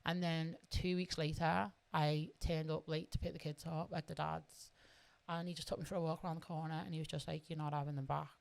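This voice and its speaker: A woman's voice: low voice, flat delivery, brisk, gravelly. A middle-aged woman, a podcast guest telling her story bluntly and with lots of swearing. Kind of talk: candid conversational storytelling.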